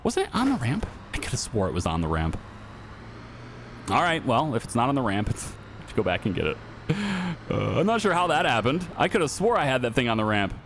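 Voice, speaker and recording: A man's voice: medium pitch, very animated, fairly quick, a bit bright, slight background noise. A middle-aged man giving casual, chatty commentary over a car dealing game, repeating his points and laughing easily. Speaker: gaming YouTuber.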